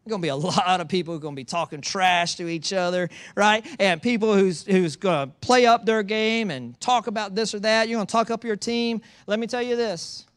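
In a church, a male pastor delivers a sermon full of lively stories and playful teasing. He speaks high-pitched and fairly quickly with few pauses, and the clean-toned recording is dry.

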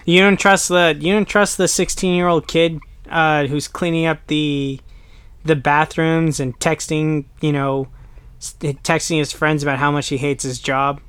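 A young American man chatting casually on a podcast, animated and quick to slip into playful voices. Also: on the high side, clean tone, no room sound. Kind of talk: casual chat.

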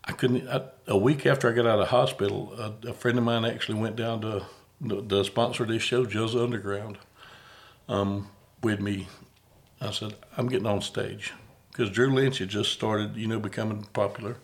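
A man's voice: lowish voice, fairly even intonation, normal speed. A middle-aged man, hosting a podcast in a folksy, rambling, self-deprecating way. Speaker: podcast host. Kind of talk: casual interview chat.

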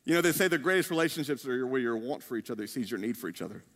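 A man's voice: mid-range voice, lively intonation, very fast, fairly bright tone. A male pastor preaching a sermon in a humorous, conversational way, with playful asides. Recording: long reverb of a large hall.

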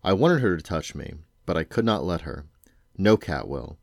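Dad reading a lazy, cryptic cat, low drawl, dry close sound, storybook. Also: male voice, big pitch swings, moderate pace, gravelly, no echo, heavily acted. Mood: drowsy cryptic. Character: drowsy aloof male talking cat, speaks in riddles. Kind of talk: storybook read-aloud.

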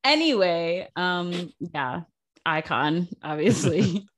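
A woman's voice: fairly low pitch, lively intonation, slow pace. A young woman co-hosting a casual podcast chat, giggly and chatty with lots of fillers. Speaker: podcast co-host.

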